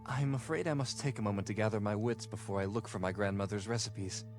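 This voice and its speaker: A man's voice: lowish voice, music in the background, natural voice. Man voicing a formal, courteous ghost groom. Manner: formal, polite, measured.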